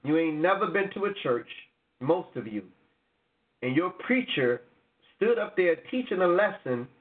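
A man's voice: high-pitched, sing-song, unhurried. A man co-hosting a Bible show, reading verses aloud and preaching directly to listeners. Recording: tinny phone-like audio.

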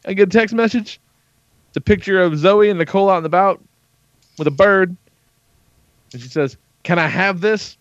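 A podcast host in his thirties tells a story in casual, profane chat packed with quoted dialogue. His voice sits high, moves at a moderate pace with frequent pauses, and has no room sound, though the podcast audio is dull and lo-fi.

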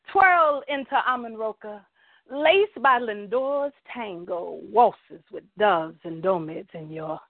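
A woman caller performs spoken-word poetry with a playful, sensual delivery and draws out her words slowly. The phone line is dry and tinny. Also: medium pitch, no echo. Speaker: caller and poet.

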